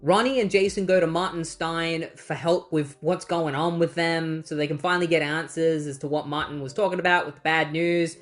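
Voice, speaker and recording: A chatty comic book reviewer walks through a story arc in a relaxed, conversational way, adding quick personal asides. Faint music plays underneath the voice. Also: medium pitch. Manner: chatty, summarizes plot with asides. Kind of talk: casual retrospective narration.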